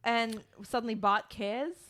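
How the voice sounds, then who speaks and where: A woman's voice: on the high side, steady tone, a little slow, fairly bright tone. A woman on a podcast panel chatting casually about cartoon episodes, asking questions as she builds her point. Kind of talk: casual chat reviewing episodes.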